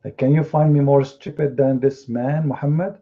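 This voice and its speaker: Speaking at a moderate pace in a steady, medium-pitched voice, a debate room host online is openly sarcastic and contemptuous. He mimics others when quoting them, over audio that sounds tinny, like a phone line.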